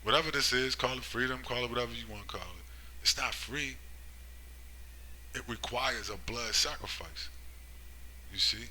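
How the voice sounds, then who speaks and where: Preaching man with a bright, forceful voice. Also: normal speed, long pauses, slight background noise, poor audio. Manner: rhetorical, keeps asking "right?" and "you see?"; swings between loud emphatic bursts and low muttering. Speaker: religious commentator. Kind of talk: preaching monologue.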